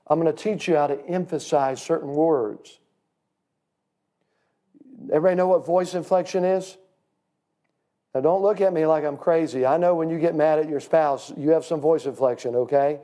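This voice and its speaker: A man's voice: a little high, moderate pace, pauses often, dark tone. A man teaching a church class in a sermon style, folksy and emphatic, calling his listeners friend.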